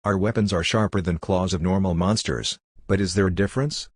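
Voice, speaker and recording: A man voicing a blunt, ruthless girl raised by ghost leopards, speaking in flat, matter-of-fact broken English. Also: low-pitched, fairly quick, husky, no echo, clean studio sound. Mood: calm. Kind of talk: audiobook character voice.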